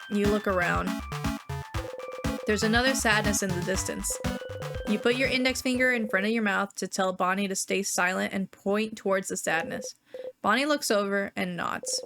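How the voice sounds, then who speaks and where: A woman streamer reading a game aloud slowly and quietly. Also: medium pitch, gravelly. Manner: slow, hushed narration with reactions. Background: game music.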